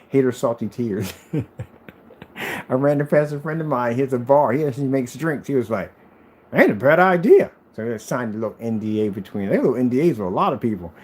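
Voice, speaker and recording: A man's voice: medium pitch, expressive, quick pace, darkish tone, slight background noise. A man who makes projector screens, talking in a boastful, taunting vlog rant aimed at his critics.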